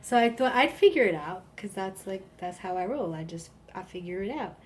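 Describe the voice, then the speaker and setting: A woman's voice: mid-range voice, lively intonation, brisk, a little mellow. A woman in her thirties hosting a live stream, casual and rambling, with lots of "like". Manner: chatty, rambling, frequent "like". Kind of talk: casual chat.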